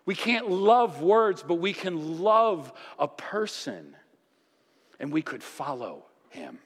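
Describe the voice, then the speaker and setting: Animated pastor in an echoing hall. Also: male voice, fairly high pitch. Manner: animated storytelling, acts out voices with casual asides. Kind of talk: sermon. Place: church sanctuary. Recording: long reverb of a church hall.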